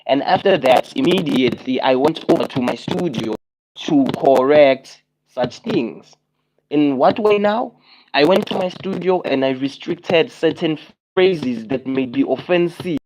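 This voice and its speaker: A man's voice: medium pitch, a little slow, a little mellow, slight background noise, low-quality recording. Exasperated young man livestreaming. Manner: exasperated, repetitive, rhetorical questions. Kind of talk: casual livestream chat to viewers.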